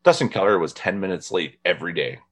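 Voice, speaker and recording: A man with a very low voice hosts a relaxed conversation. He spins stories, breaks into laughter, and mimics the people he quotes. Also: quick pace. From northern Indiana. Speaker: podcast host. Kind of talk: casual chat.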